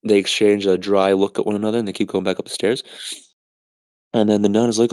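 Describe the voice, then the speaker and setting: A man's voice: lowish voice, level tone, quick pace, a little mellow, no room sound. A man hosting a podcast, retelling a film scene in a loose, rambling way with many fillers. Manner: casual, filler-heavy, rambling. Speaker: podcast host.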